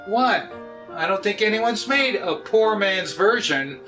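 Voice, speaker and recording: A man, hosting a casual cooking vlog in a joking, often loud way. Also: high-pitched, animated, slow pace, soft background music. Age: 60s. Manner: jokey, often laughs and raises his voice. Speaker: cooking video host.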